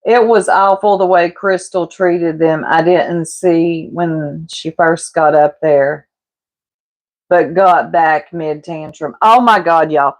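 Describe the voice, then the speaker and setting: A woman's voice: low-pitched, steady tone, takes it slowly. A woman, casually gossiping and laughing with her livestream chat while she cooks. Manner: gossipy, laughing, teasing, addresses chat as y'all. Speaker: livestreamer chatting with viewers.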